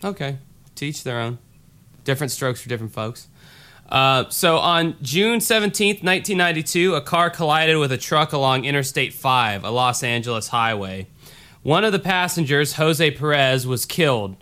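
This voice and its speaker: A man's voice: normal speed, pushed and bright, clean tone. Joking man with a slight Southern accent. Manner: joking, lowbrow humor, rambling asides. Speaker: podcast co-host. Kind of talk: casual podcast chat.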